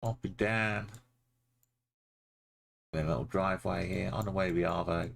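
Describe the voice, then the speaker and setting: A man's voice: deep voice, steady tone, moderate pace, vocal fry. A man streaming a geography game, casually muttering place names and making playful asides. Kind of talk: casual live-stream commentary while playing.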